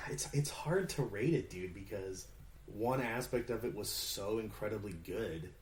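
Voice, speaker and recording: Chill dude on a movie podcast, kinda low voice, slangy and jokey. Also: male voice, expressive, a little slow, slight background noise. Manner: laid-back, slangy, joking. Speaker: podcast co-host. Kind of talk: casual movie review chat.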